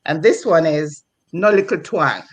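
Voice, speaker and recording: A woman's voice: deep voice, lively intonation, unhurried. A woman reverend with a Jamaican accent introducing her poems with frequent ums, speaking over a video call. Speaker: reverend and guest performer. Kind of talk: casual introduction before a performance.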